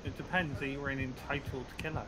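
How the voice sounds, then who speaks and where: A man's voice: medium pitch, flat delivery, brisk, background noise. A man chatting casually while gaming, laid-back and joking. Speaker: fellow gamer. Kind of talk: casual gameplay banter.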